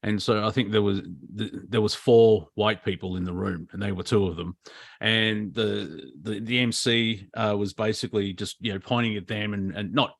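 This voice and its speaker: Low-voiced Australian man ranting. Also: fairly even intonation, moderate pace, vocal fry, dry recording. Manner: rambling, ranting, full of fillers and restarts. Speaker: comedy show co-host. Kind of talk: casual comedic chat. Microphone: video call.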